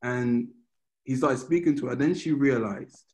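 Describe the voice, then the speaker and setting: A man with a mid-pitched, everyday voice gives an informal sermon. He talks as if chatting with friends and tells stories in a loose, storytelling way. He often stops and restarts a phrase before carrying on. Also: measured pace, a little mellow, poor audio. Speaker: preacher. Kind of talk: conversational sermon.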